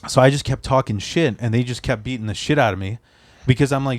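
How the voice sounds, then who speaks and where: A male podcast host from the Chicago area talks in a casual, rambling way and swears freely as he tells a story. His voice sits at an ordinary pitch for a man. The recording is dry and close. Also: fast, dry recording. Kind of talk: casual chat.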